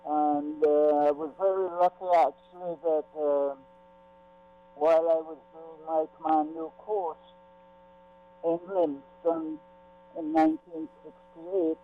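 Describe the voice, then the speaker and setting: A man in his seventies from the Cayman Islands, calling in to a radio interview and speaking in an unhurried, halting way. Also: a little high. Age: 70s. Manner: unhurried, halting with many ums. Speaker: guest. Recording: tinny phone line with hum.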